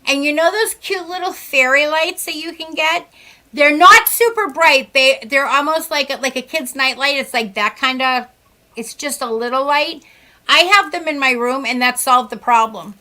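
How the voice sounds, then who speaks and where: A middle-aged woman, a psychic medium, chatting in a guest interview. She is animated and chatty, and she acts out the dialogue she quotes. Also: high voice, normal speed. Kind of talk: casual podcast chat.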